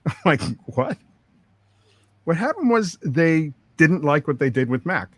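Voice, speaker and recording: A man's voice: a little high, moderate pace, no room sound. Rambling storytelling man, dry close sound. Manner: rambling anecdotes with quoted dialogue and laughs. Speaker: record producer, interview guest. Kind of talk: storytelling interview.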